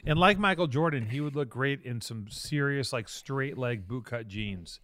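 A man's voice: medium pitch, moderate pace, a bit bright, no room sound. A man co-hosting a podcast, chatting casually in a rambling, profane way and mock-quoting people. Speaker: podcast co-host. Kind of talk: casual banter.

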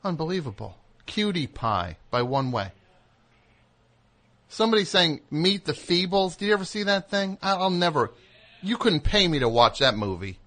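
A man hosting a call-in radio show, talking in an animated, rambling way full of restarts. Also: fairly high pitch, normal speed.

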